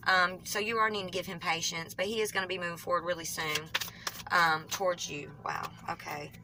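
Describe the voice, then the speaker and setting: A woman with a Southern US country twang, reading tarot cards for viewers in a fast, rambling way, often correcting herself mid-sentence. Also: fairly low pitch, fairly even intonation, noisy background. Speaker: tarot reader.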